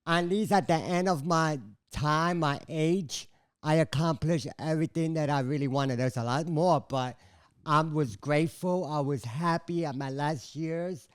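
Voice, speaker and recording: A woman with a Puerto Rican accent talking as a podcast guest, loud and animated. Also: low voice, measured pace, dry recording, clean studio sound. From Puerto Rico. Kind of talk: casual chat.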